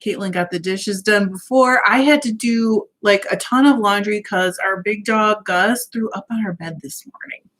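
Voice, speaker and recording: A woman's voice: mid-range voice, normal speed, fairly bright tone. A woman hosting a casual livestream from home, cheerfully greeting viewers by name and reading out their comments. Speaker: livestream host.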